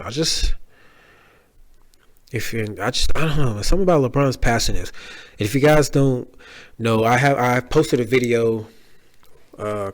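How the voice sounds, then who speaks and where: A man hosting a solo podcast, talking casually with slang and restarts, heartfelt and rambling. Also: medium pitch. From Dallas area. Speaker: podcast host.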